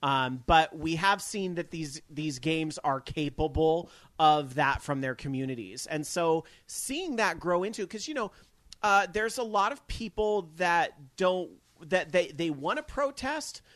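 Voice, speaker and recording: Guy hosting a game news stream, kinda high voice, super dry mic, rambly. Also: animated, unhurried, fairly bright tone, dry recording. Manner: chatty, rambling with fillers and restarts. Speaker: gaming news stream host. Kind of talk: casual chat. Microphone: studio microphone.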